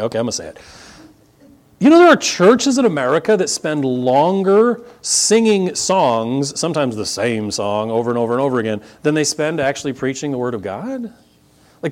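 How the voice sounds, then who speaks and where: A male pastor preaching a sermon in a church in a relaxed, conversational way, with chuckles and casual asides to the congregation. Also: on the high side. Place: church sanctuary.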